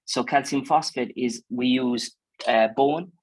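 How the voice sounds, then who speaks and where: A man's voice: mid-range voice, measured pace, slightly rough, dry recording, low-quality recording. A man with an Irish accent, a dairy farmer answering interview questions in a chatty, plainspoken way, full of fillers and restarts. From Ireland.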